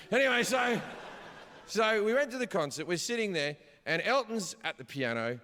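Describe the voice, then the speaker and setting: A man doing stand-up storytelling, swearing freely and shouting his punchlines, recorded live on a theater stage. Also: on the high side. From Australia. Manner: profane, animated, shouts punchlines. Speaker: stand-up comedian. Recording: live hall reverb, audience ambience.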